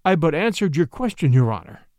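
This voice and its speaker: A man's voice: on the high side, sing-song, a little fast, dry recording, studio quality. A man reading aloud and voicing a humble, earnest scholar who pleads his case on the witness stand. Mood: pleading.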